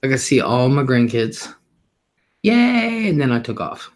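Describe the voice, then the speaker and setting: A man's voice: mid-range voice, fairly even intonation, brisk. Chatty middle-aged man rambling on. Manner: chatty and rambling, laughs often, swears casually. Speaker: livestream host. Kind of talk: casual livestream chat.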